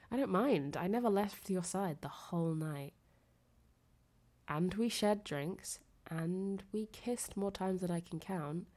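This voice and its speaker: An audio creator, this young woman sounds nasal and unwell with a fever while whispering sweetly in the role of a girlfriend on the phone. She giggles frequently, lets her words fade out, and has a fairly low pitch.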